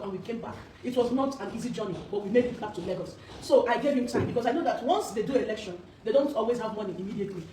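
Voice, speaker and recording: Fast-talking woman, high voice. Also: a little mellow. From Nigeria. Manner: earnest, urgent storytelling with quoted dialogue. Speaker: business owner making corporate gifts. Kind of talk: emotional personal testimony. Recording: echoey room, distant mic, faint noise.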